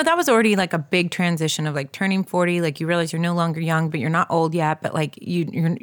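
A woman's voice: low voice, no echo, clean studio sound. A woman in her forties, co-hosting a podcast, telling a personal story in a chatty, emotional way full of fillers. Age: 40s. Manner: emotional, chatty, many likes. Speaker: podcast co-host.

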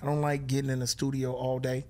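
A man's voice: medium pitch, monotone, fast, dark tone. A man in his fifties, a former basketball player and guest, talking bluntly in a casual chat, full of profanity and "you know what I'm saying". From Oakland, California.

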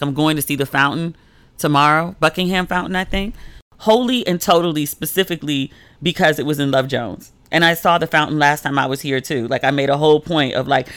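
A woman hosting a casual solo podcast, telling stories in a chatty way with lots of "like" and lively quoted voices. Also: dry recording. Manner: chatty storytelling, heavy use of "like", swings pitch when quoting people. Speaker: podcast host.

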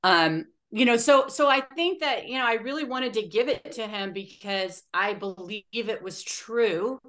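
A woman's voice: fairly high pitch, a little slow, fairly bright tone. Earnest female podcast host. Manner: earnest and heartfelt. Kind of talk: casual chat.

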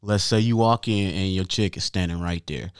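A man hosting a casual chat, animated and profane, acting out what others say. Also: low voice, moderate pace, clear, resonant tone, no room sound, studio quality. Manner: animated, profane, acts out quotes.

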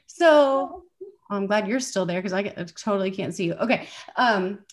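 A woman co-hosting a podcast, telling a story in a casual, animated way and acting out the quotes. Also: medium pitch, normal speed. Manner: animated, laughing storyteller who acts out quotes. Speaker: podcast co-host.

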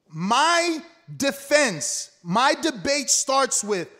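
An older man, a fighter, arguing heatedly, loud and combative, repeating himself and swearing. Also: high-pitched, animated, normal speed. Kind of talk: heated argument.

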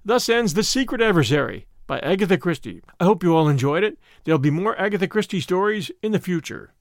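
Animated male story narrator. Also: sits high, fast, no room sound, clean studio sound. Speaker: host and narrator. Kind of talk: scripted audiobook narration.

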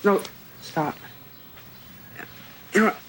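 A man's voice: takes it slowly, slight background noise, close to an everyday voice. An actor playing a shy awkward young guy, hesitant, nervous, film soundtrack ambience behind him. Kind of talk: film dialogue.

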